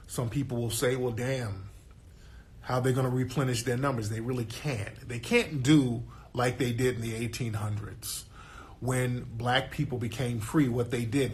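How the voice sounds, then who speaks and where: A man speaking as a guest in a casual monologue, emphatic and streetwise, often cursing and asking the listener for agreement. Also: medium pitch. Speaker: guest commentator.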